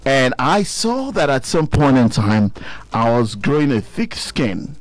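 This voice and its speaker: A man with a Nigerian accent, co-hosting a radio chat and telling an animated story, laughing often and acting out voices. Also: mid-range voice, measured pace, dry recording. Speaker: radio co-host.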